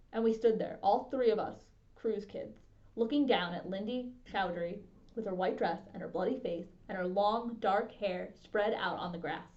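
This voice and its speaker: A woman librarian reading a children's novel aloud with steady, expressive narration. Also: medium pitch, normal speed. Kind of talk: storybook read-aloud. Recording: dull lo-fi sound.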